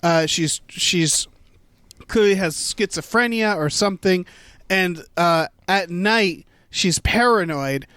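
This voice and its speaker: High-voiced rambling podcast host man. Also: slow pace, fairly bright tone, clean tone, no room sound. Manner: rambling, swears freely, many fillers and restarts. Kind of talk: casual chat.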